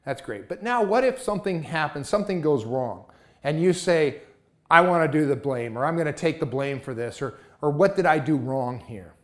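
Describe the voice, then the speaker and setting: A man's voice: a little high, lively intonation, moderate pace. A man giving a motivational talk, emphatic and full of rhetorical questions.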